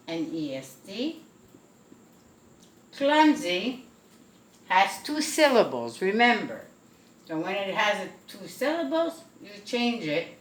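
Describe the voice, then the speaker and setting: Slow-spoken teacher woman in an echoey room. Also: medium pitch, very animated, far from the mic. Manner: slow, careful explaining. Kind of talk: recorded spelling lesson. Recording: echoey room, away from the mic.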